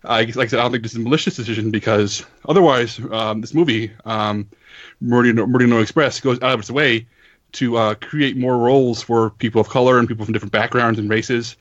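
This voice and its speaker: A man from the United States co-hosting a casual podcast discussion, talking in a measured way with many fillers. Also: medium pitch, steady tone, dry recording, lo-fi sound. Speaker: podcast co-host, film editor.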